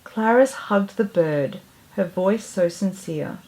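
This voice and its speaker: Woman storyteller, rhyming picture book, gentle and expressive, slow pace. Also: mid-range voice.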